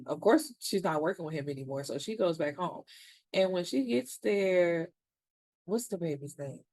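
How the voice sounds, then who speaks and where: A woman's voice: lowish voice, lively intonation, moderate pace, darkish tone, no room sound. A woman casually recapping a TV episode, retelling scenes in quotes with blunt, cursing asides. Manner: chatty, retells scenes in quotes, curses freely. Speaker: TV show reviewer.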